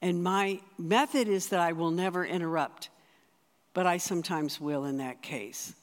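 Earnest and conversational, a spiritual director preaches a sermon at normal speed, tripping over and restarting phrases as thoughts arrive. The pitch sits in the middle, and each phrase trails off in the long reverb of a large church.

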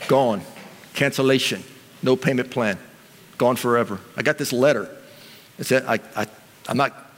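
A middle-aged male pastor preaching a sermon, telling stories in an animated way with emphatic repetition. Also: mid-range voice, normal speed, pauses often, long reverb tail, a little hiss or hum.

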